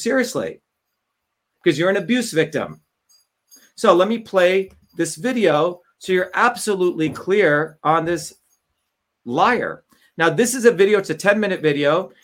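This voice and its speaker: A man hosting a livestream talk, combative and profane, mocking others with quick impressions. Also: high voice, fairly bright tone. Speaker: host.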